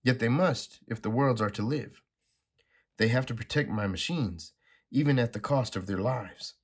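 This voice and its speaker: A man reading a comic aloud, voicing an ancient, dying cosmic guardian in a measured, grave way. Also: mid-range voice, slightly rough, voice pushed up, close to an everyday voice. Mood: solemn.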